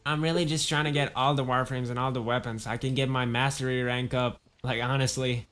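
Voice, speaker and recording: A man's voice: medium pitch, little pitch movement, fairly quick, fairly bright tone, clear, resonant tone, close to an everyday voice. A man putting on a nerdy young gamer persona voice during a casual game stream chat. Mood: nerdy chirpy. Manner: put-on chirpy nerd voice.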